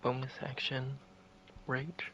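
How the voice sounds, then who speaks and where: A man running a tabletop game, calmly narrating enemy turns and muttering dice results. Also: medium pitch, slow pace. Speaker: game master. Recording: dull lo-fi sound with faint hiss.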